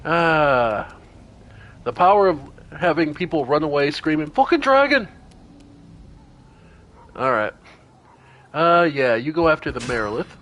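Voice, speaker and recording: A man's voice: a little high, normal speed. A man streaming a strategy role-playing game, talking casually through each party member's turn as he plays. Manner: talks through party turns aloud, animated exclamations. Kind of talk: casual gameplay commentary.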